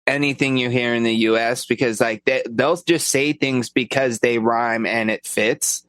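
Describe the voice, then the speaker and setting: A man's voice: mid-range voice, steady tone, moderate pace, fairly bright tone, no room sound. A man co-hosting a podcast in casual chat, blunt and swearing freely as he jumps in to explain things. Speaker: podcast co-host.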